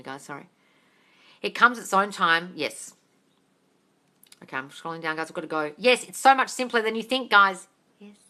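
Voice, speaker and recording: A blunt, foul-mouthed woman who hosts a live question-and-answer stream, reading out comments and firing back quick, no-nonsense answers. Her voice sits fairly low for a woman but has a bright, forceful edge. She is speaking into a phone. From Australia. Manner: blunt and sweary, reads out comments and answers them.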